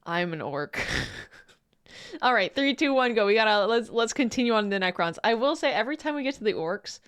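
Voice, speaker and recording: A woman streamer chatting casually as she reacts to videos, excitable, laughing often and swearing freely. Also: a little high, moderate pace, clear, resonant tone.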